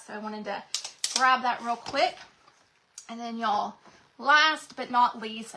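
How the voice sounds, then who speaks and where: A woman's voice: a little high, pushed and bright, slight background noise. A woman hosts a crafting livestream, chatting casually, greeting viewers by name, and sounding congested and out of breath.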